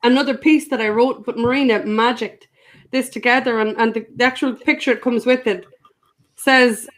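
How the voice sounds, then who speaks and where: Woman, a bit high-pitched, thoughtful and hesitant, casual chat on a video call. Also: fairly even intonation. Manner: soft-spoken, reflective, halting. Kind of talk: casual live online chat.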